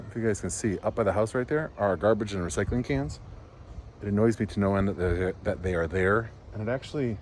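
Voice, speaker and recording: Standing by his barn and driveway, a man breathlessly explains his project into an action camera for a casual homesteading vlog. He's rambling and easygoing, speaking in a lowish voice with a darkish tone. There's slight background noise.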